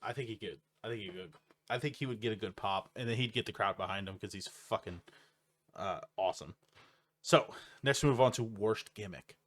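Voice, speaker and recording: A man's voice: fairly low pitch, fairly bright tone. A man co-hosting a podcast, talking about wrestling in a blunt, casual way with frequent swearing. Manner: blunt, swears often, quick laughs. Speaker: podcast co-host.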